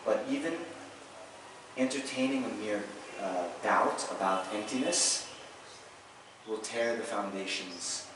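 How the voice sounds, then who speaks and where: A man's voice: on the low side, slow. A male Buddhist teacher giving an informal, conversational Dharma teaching to students in a meditation hall, often checking in with "right?". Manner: conversational, with frequent "right?" checks and self-corrections. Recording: echoey room, distant mic, audible noise.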